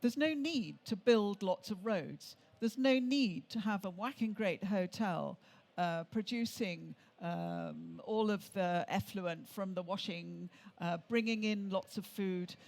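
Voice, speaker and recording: An older woman from England, speaking at an everyday middle pitch. She tells her travel stories in a chatty, rambling way and often stops to restart a sentence. She speaks as an interview guest on a stage at a show. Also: takes it slowly, vocal fry, hardly any pauses, darkish tone. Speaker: author and tour leader, interview guest. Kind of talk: conversational anecdotes on stage.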